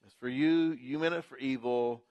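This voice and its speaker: A pastor preaching a sermon in church, building emphasis through rhythmic repetition. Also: male voice, medium pitch, moderate pace, muffled recording.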